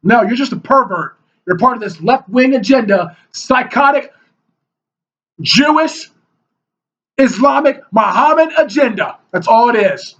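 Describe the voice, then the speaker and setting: A man with a very high voice rants on camera, heated and scornful, mocking the people he argues against. The recording is dull and lo-fi, with the top end rolled off. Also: expressive, unhurried, a bit bright. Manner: heated and mocking, mimics opponents in whiny voices. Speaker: video blogger. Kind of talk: ranting monologue.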